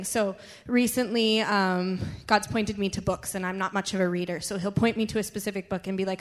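A woman with kids giving an animated personal testimony to her church congregation. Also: mid-range voice. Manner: animated, quick storytelling. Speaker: church member sharing testimony.

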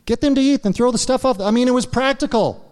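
Preaching at a quick pace in a very high, slightly mellow and clean voice, a pastor fills the church sanctuary with a long reverb tail. His sermon includes a candid personal story and plenty of asides checking in with the congregation.

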